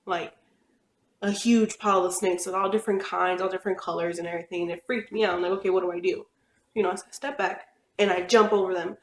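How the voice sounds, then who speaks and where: A woman's voice: lowish voice, steady tone, fast, a little hiss or hum. A young woman telling personal stories in a rambling, chatty way, with lots of fillers. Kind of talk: casual storytelling. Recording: echoey room.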